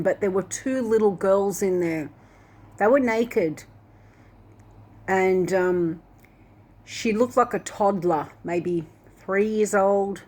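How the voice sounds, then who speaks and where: A woman's voice: mid-range voice, husky. A woman casually retelling a dream in a rambling way, full of fillers like "like" and "and that". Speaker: Christian video host.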